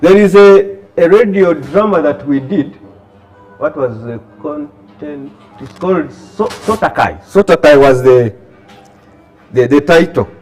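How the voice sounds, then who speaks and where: A Ugandan man with a high, swooping voice talks to a workshop of young writers. He acts out little scenes and keeps pulling the audience in with questions. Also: unhurried, faint music behind. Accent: Ugandan English. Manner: lively, asks the audience questions, acts out dialogue. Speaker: scriptwriter and workshop speaker. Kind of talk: animated talk to an audience.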